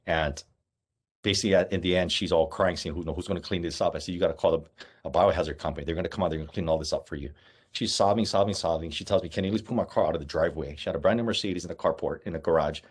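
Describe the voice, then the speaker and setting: A man's voice: extremely low pitch, husky. A middle-aged man from Hawaii, a police officer telling a personal story to an audience in a candid, blunt way with short clipped sentences. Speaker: police officer and guest speaker.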